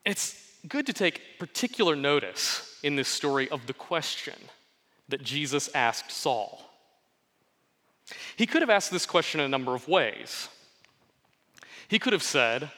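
A man preaching an earnest sermon, reading scripture aloud and explaining it in a steady, pausing delivery. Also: on the high side. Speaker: pastor. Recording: long hall reverb.

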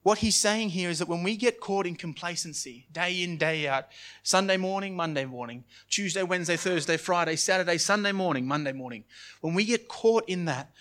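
A man preaching a sermon in a church, earnest and repetitive, often dropping his voice softly at the end of a phrase. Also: sits high. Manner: earnest, repetitive preaching with restarts and sudden soft drops.

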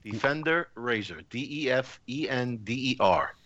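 An older man co-hosting a live show, blunt and quick to swear. His voice is bright and forceful, and he gives short, plain answers. The sound is close and dry. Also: medium pitch, lively intonation, no echo, dull audio. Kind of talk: casual live-show chat.

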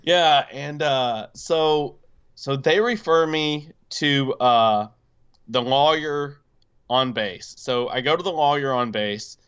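Smooth-voiced man telling a wild story. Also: medium pitch, takes it slowly, lo-fi sound. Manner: animated, acts out quoted voices, frequent fillers. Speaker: podcast co-host telling a story. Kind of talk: casual storytelling.

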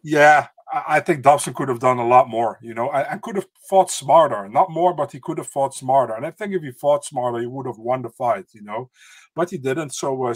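A man's voice: mid-range voice, no echo. A man co-hosting a sports podcast, chatting casually and loosely with plenty of fillers. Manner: hesitant, many fillers and restarts, laughs easily. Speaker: podcast co-host. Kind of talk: casual chat.

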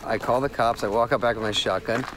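Man, mid-pitched voice, acts out quoted lines, storytelling, noisy background. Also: fast. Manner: animated, acts out quoted dialogue. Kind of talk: storytelling in casual chat.

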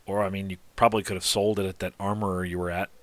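A man narrating a tabletop game as game master, in a relaxed, rambling, descriptive way. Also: sits low, rapid-fire. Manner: relaxed, casual, descriptive, lots of "sort of" and "like".

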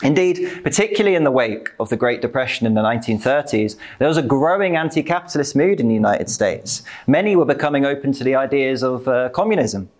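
A man giving a political talk, conversational with many fillers and the odd light laugh. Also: mid-range voice.

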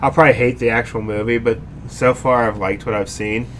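A man chatting casually as a co-host, relaxed and easygoing. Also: mid-range voice, brisk, slight background noise, poor audio. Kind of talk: casual chat.

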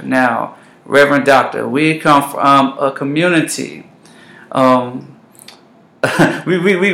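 A man's voice: medium pitch, vocal fry, fairly bright tone. A man hosting a conversation, earnest and affirming as he raises questions. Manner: earnest, with many affirming mm-hmms. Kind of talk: conversational interview. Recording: roomy echo.

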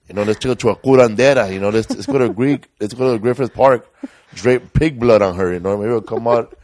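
A man's voice: lowish voice, a little fast, darkish tone, no echo, studio quality. A man talking in a rambling, emotional way in casual conversation, with joking asides. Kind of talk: casual chat.

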